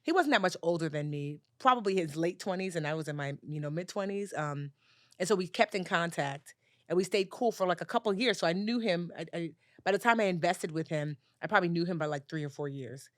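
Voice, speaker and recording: A woman, a personal finance educator, telling a story as a podcast guest and acting out the dialogue with lively jumps in her voice. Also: brisk, dry recording, clean studio sound. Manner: animated storyteller, acts out dialogue with big pitch jumps. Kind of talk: storytelling in a conversational interview.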